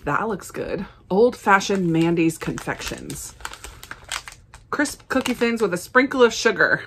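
Woman vlogger, chatty, enthusiastic, bright tone, casual snack tasting. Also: medium pitch, animated, unhurried, a little hiss or hum. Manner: chatty, enthusiastic, frequent laughs. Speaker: snack reviewer. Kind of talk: casual unboxing and tasting vlog.

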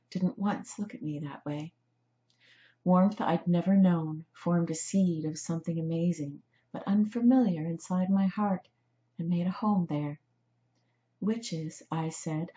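A woman reading her own story aloud in a measured, dramatic storytelling manner. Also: deep voice, dark tone, echoey room, highs cut off. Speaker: author reading her book. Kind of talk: audiobook narration.

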